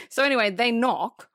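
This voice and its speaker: A woman co-hosting a movie podcast, recapping the film in casual, profane, animated chat and acting out bits of the characters. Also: fairly high pitch, no echo, clean studio sound. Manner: animated, swears freely, acts out characters. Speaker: podcast co-host.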